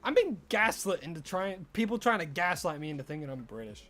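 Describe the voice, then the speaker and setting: An Australian game streamer chatting playfully and rambling on a live stream, breaking into excited yelling. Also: mid-range voice, a little fast, soft background music. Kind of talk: live gameplay stream chat.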